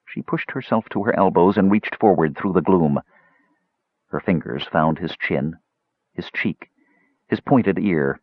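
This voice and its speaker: Deep-voiced man narrating an audiobook. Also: breathy edge, dry recording. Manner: measured storytelling, lively intonation. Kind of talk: scripted narration. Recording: dull dry close-mic audiobook recording.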